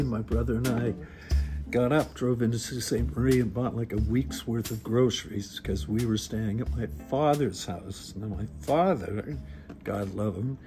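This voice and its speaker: A middle-aged man spins a personal story in a relaxed, conversational way, poking fun at himself. His voice sits at an ordinary middle pitch, with faint music playing underneath. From Northern Ontario. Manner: wry, self-deprecating, conversational. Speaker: radio host telling a personal story. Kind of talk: casual storytelling. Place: recorded on a phone. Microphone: phone.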